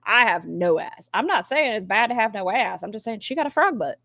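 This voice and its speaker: A woman's voice: mid-range voice, animated, fairly quick, creaky, bright, forceful tone, no echo. A woman commentating on a replayed clip, with sarcastic, mocking asides. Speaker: commentary streamer. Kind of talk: reaction commentary.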